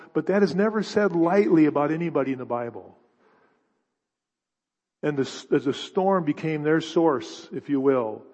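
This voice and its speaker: A pastor preaching a sermon with dramatic storytelling and stammered restarts, recorded in a church hall. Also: male voice, a little high. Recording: long reverb, dull lo-fi sound.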